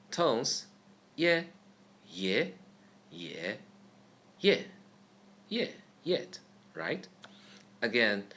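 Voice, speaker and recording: A young man talks slowly and carefully through a beginner lesson. His voice climbs and drops widely as he acts out each tone, and his delivery has a patient, teacherly feel. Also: fairly bright tone. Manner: demonstrates tones with sweeping pitch changes. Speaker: Chinese language teacher. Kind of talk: online pronunciation lesson.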